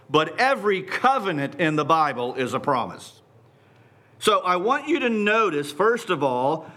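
Male preacher, fairly high voice, unhurried, emphatic sermon delivery. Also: sharp tone. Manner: deliberate, emphatic, repeating phrases for stress.

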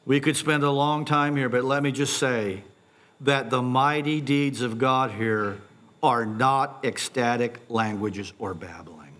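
A middle-aged man preaching a sermon, posing animated rhetorical questions and stumbling over repeated words when excited. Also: medium pitch, measured pace. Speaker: pastor.

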